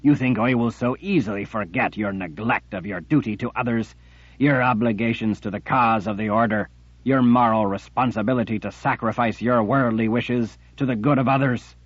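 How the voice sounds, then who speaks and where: A man voicing a menacing, gloating male emperor who speaks slowly and mockingly. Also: fairly low pitch, dry recording, muffled recording. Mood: accusing. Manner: slow, mocking and threatening.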